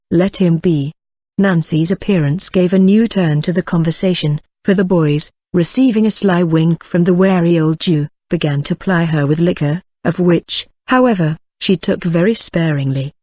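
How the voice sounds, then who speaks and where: An audiobook reader narrates a classic novel in a steady, even way, at a middle pitch. The recording is dull and lo-fi. The room sound is dry, with no echo. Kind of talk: storybook narration.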